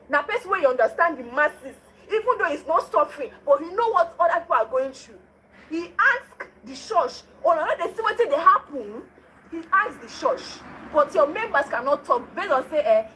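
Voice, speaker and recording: High-voiced Nigerian Pidgin woman scolding. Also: a bit bright, slight background noise, low-quality recording. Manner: scolding, rhetorical, repeats her questions. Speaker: commentator. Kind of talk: political commentary.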